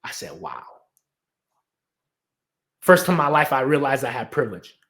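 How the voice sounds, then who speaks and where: A young adult man from the United States in casual storytelling chat, animated, acting out quotes and laughing often. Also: medium pitch, quick pace. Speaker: guest storyteller.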